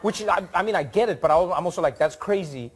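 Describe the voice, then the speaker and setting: A man's voice: quick pace, a little hiss or hum. A man from South Africa, a talk show host, chatting casually with an audience and acting out voices as he tells a story. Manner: animated, acts out voices in high pitch. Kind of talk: casual stand-up style audience chat.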